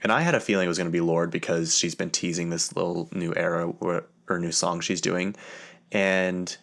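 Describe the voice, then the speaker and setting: Low-voiced young man rambling through a story. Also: steady tone, brisk, creaky, a bit bright. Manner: rambling, filler-heavy, self-interrupting. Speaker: podcast host. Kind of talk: casual storytelling monologue.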